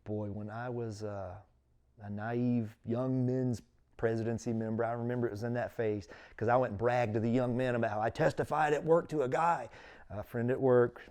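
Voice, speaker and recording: Man, interview host, animated storyteller, acts out voices. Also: mid-range voice, normal speed. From East Tennessee. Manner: lively storyteller who acts out quoted voices. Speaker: podcast host, former bishop. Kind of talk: casual in-person interview.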